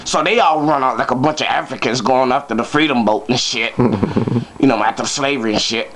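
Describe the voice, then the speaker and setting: A man's voice: mid-range voice, fairly quick, a bit bright, slight background noise. A man telling a comic story to his viewers, brash and profane, full of joking asides. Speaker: vlogger.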